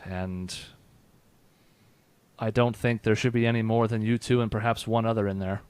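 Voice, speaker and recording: A man's voice: on the low side, steady tone, moderate pace, clean tone, dry recording. A man narrating as game master of a tabletop role-playing game, reading spell rules aloud and voicing characters, laughing between lines.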